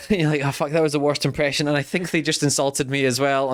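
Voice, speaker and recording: A man's voice: mid-range voice, rapid-fire, hardly any pauses, a bit bright. A man hosting a casual podcast chat, playful and joking, swearing and mimicking people. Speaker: podcast host.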